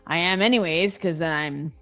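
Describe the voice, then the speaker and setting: A young woman chatting casually on a trading stream, her voice sitting a little low. She rambles in a jokey way and peppers her sentences with "like". Faint music plays in the background. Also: normal speed, a bit bright. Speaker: trader co-host on a live stream. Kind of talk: casual chat.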